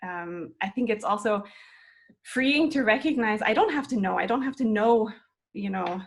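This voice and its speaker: A woman in her twenties talks about her path as a flute student in an unhurried, reflective interview conversation. Her voice is mid-pitched, and her manner is earnest and encouraging. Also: animated.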